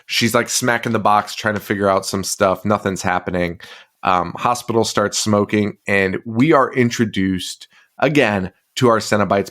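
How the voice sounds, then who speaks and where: A man's voice: on the low side, normal speed, fairly bright tone. A man co-hosting a podcast, recapping a movie in casual chat, swearing constantly and rambling with fillers. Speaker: podcast co-host.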